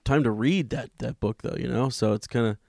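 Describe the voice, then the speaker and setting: Hoarse gravelly man co-hosting a podcast. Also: medium pitch, a little mellow, no echo, clean studio sound. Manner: halting, with fillers and throat clearing. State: hoarse, losing his voice. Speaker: podcast co-host. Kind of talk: casual podcast chat.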